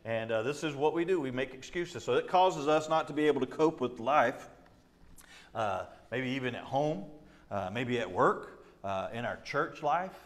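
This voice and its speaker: Speaking at a moderate pace with lively intonation, a middle-aged pastor leads a conversational Bible study in a mid-range voice. He leans on fillers and repeats, frequently performing the voices he quotes and breaking into laughter.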